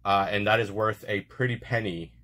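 A man's voice: lowish voice, fairly even intonation, normal speed, sharp tone. A man hosting a card-opening video, chatting casually and stumbling over names as he goes. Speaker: card-opening channel host. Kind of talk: casual unboxing chat.

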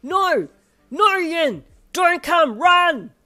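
A woman voicing a battered teenage boy, fierce and protective, shouting desperately. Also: very high voice, big pitch swings, very slow, pitched above the performer's own voice, exaggerated voice. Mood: panicked.

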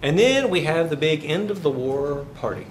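A man's voice: on the high side, animated, normal speed. A man giving a university finance lecture, telling jokey stories and quizzing the class. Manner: joking, storytelling, asks the class questions. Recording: echoey classroom with faint hiss.

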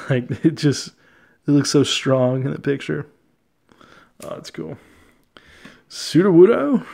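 A man's voice: a little high, gravelly. Chatty man showing off his card collection. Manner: relaxed, chatty, easily amused, many fillers. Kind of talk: casual commentary on a card collection.

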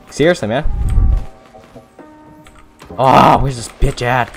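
A young man commentating his own gameplay, cursing and shouting in bursts, close to the mic. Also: medium pitch, animated, normal speed. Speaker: gaming video creator. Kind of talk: profane live gameplay commentary. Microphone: close mic, breathing into it. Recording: game music playing behind.

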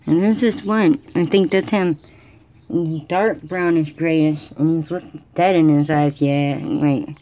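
A woman's voice: deep voice, steady tone, takes it slowly, warm tone. Chatty woman narrating backyard squirrels. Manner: chatty, talks to the animals and her viewers. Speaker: squirrel-watching vlogger. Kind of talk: casual running commentary to camera.

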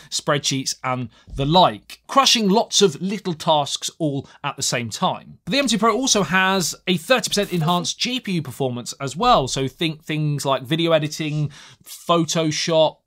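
A man's voice: on the high side, a bit bright. A young man giving a chatty, self-mocking tech review to camera, with jokey asides.

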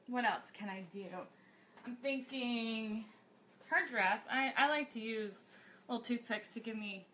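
A woman's voice: fairly high pitch, measured pace, pushed and bright, slight background noise. A woman hosting a cake decorating tutorial livestream, bubbly and chatty, thinking aloud as she works.

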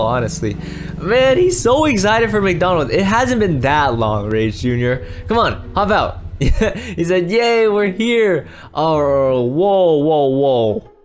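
A man hosting a casual game roleplay as a dad, excitable and rambling, full of exclamations. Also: fairly high pitch. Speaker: roleplay host playing a dad.

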